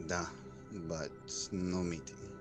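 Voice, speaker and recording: Casting: man as a terse, gruff figure with a very deep voice and broken phrasing, music behind. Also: little pitch movement. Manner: clipped, halting phrases.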